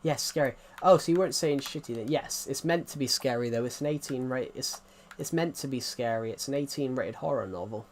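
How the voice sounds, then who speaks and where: A British man chats on a live stream in a fairly quick, medium-pitched voice with few pauses, slight background noise behind him. He's opinionated and rambling, casually restarting his thoughts again and again.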